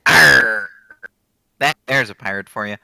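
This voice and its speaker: A man's voice: a little high, very animated, normal speed, sharp tone, dry recording, rough recording. A man co-hosting a casual podcast chat while watching wrestling, joking and greeting the people on screen. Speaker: podcast co-host.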